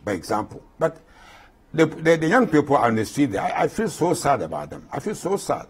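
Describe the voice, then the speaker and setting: A man's voice: fairly high pitch, very animated, moderate pace, husky. A man in his eighties with a Ghanaian accent, an interview guest speaking with passion and repeating points for emphasis. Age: 80s. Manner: impassioned, repeats himself for emphasis.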